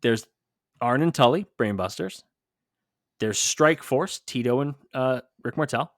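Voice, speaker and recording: A man's voice: mid-range voice, animated, no echo, studio quality. A man co-hosting a podcast in casual chat, quizzing his partner and reeling off lists of names. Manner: quizzing, listing names quickly. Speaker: podcast co-host.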